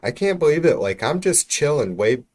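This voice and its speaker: A man with a fairly high, darkish-toned voice chats casually with his livestream viewers at a moderate pace, very animated. He rambles and swears freely, sitting about an arm's length from the mic.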